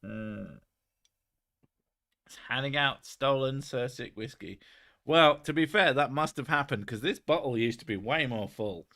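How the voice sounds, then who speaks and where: Bright-voiced man chatting casually. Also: medium pitch, measured pace. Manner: rambling, swears freely, laughs at himself. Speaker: streamer host. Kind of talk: casual chat reading viewer messages.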